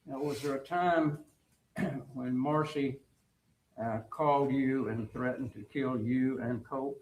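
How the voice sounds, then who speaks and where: A man working as an attorney, asking a witness short, measured questions in court. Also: mid-range voice, steady tone, a little mellow, slight background noise, low-quality recording.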